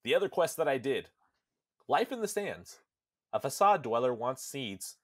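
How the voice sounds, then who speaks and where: A young man hosting a podcast in casual chat, animated and swearing freely as he acts out characters. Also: medium pitch, normal speed. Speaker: podcast host. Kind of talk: casual chat recapping a game.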